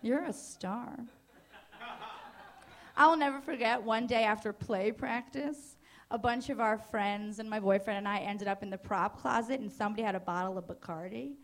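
A woman's voice: medium pitch, brisk. A young woman from New Jersey doing a stand-up comedy set on a club stage, casual and crude, with hesitant fillers and self-mocking asides.

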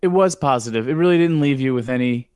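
A man's voice: medium pitch, quick pace, a little mellow, clear, resonant tone, dry recording, clean studio sound. Laid-back man from New York. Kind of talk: casual chat.

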